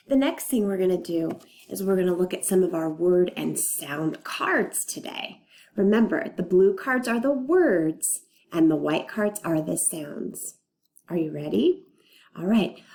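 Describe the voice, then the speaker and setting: Woman, reading teacher for young kids; slow, patient, mellow voice with a lively, sing-song pitch. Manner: slow, patient, clearly sounding out letters and words. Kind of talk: recorded phonics lesson for young children.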